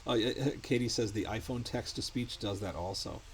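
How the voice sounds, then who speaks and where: A man hosting a casual interview, speaking in a halting, hesitant way and relaying audience comments. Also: fairly low pitch, a little hiss or hum. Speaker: interview host.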